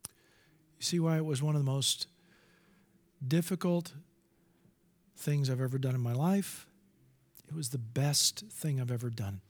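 A man's voice: medium pitch, a little slow, pauses often, a little mellow. A middle-aged man preaching a sermon, earnest and storytelling, acting out bits of dialogue.

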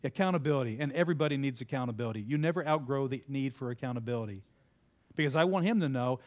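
A mid-range male voice moves at a rapid-fire clip as he talks to a live audience like a preacher in conversation. Questions go out, answers get repeated back, and his delivery jumps into sudden emphatic rises.

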